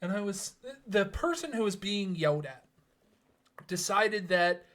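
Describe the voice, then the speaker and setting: A man's voice: sits high, a little slow, fairly bright tone. A man co-hosting a casual podcast chat, probing the others with question after question. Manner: probing, keeps pressing questions. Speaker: podcast co-host.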